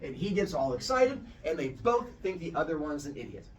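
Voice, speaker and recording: Animated man retelling myths for laughs. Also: a little high, brisk, distant mic, lo-fi sound, slight background noise. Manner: animated, jokey. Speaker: podcast host. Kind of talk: comic mythology storytelling.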